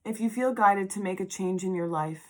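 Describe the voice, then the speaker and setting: A woman doing a tarot reading in an emotional spiritual vlog, reading card text slowly and breaking into heartfelt asides. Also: medium pitch. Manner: murmured affirmations. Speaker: tarot reader.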